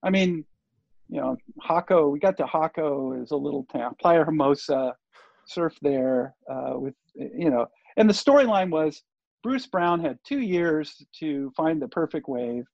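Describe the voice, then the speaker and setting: A man's voice: a little high, animated, unhurried, gravelly, a little mellow, no echo. An older man, a guest on an interview show, telling a story in a loose, rambling way with lots of fillers and restarts. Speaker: interview guest, surf TV producer. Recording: dull lo-fi dry recording.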